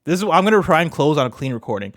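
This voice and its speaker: A man's voice: fairly high pitch, sing-song, rapid-fire, no room sound, clean studio sound. A man streaming casually, thinking aloud and often trailing off mid-sentence as he talks through his lyrics. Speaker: streamer writing rap lyrics. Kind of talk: casual livestream chat.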